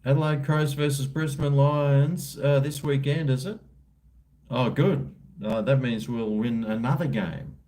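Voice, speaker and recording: A man's voice: medium pitch, fairly even intonation, a little slow, warm tone. A middle-aged Australian man chatting casually on a livestream, rambling and slangy with a drawling voice. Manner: laid-back, rambling, slangy. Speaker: livestream host. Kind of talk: casual livestream chat reading comments.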